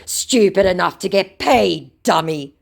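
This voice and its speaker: A woman voicing a smug male online scammer in a slow, mocking sneer. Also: on the low side, lively intonation, gravelly, voice pushed up, full character voice.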